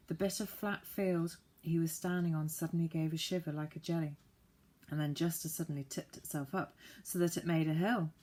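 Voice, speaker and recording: A woman reads a children's book aloud in a low, deep voice. Her telling is lively and expressive, and she leans into every twist of the story. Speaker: audiobook reader.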